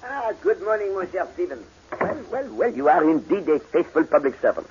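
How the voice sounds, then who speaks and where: An actor playing a polite, fussy Belgian detective with a French-style accent who drops French phrases, in 1940s radio acting on a dull old recording. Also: male voice, high voice, sing-song, brisk, loud music behind the voice. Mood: courtly, probing. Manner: courtly, probing, sprinkles French phrases.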